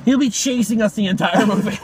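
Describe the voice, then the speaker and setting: A man's voice: sits high, a little fast, darkish tone. A young man co-hosting a podcast in casual chat, a rowdy storyteller who acts out voices and laughs a lot. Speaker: podcast co-host.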